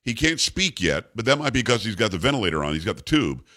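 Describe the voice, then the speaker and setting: A man's voice: lowish voice, big pitch swings, fast talker, bright, forceful tone. A man hosting a talk radio show, rambling and jokey, chatting casually with his co-host. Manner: rambling, jokey, self-congratulating.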